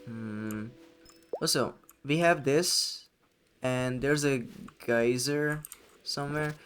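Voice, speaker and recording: A man casually commenting on his gameplay as a streamer, relaxed, chatty and playful. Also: mid-range voice, slow pace, faint music behind.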